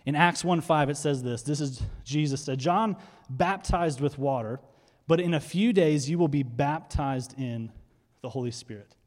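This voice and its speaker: A man preaching a sermon with high energy, speeding through quick asides and then slowing to stress key words. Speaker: pastor. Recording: hall reverb.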